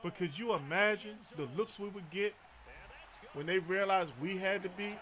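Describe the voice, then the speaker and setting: Game streamer, man, high voice, joking, storytelling banter. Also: normal speed, crowd noise. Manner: joking, storytelling, frequent laughter. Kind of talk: casual gaming commentary.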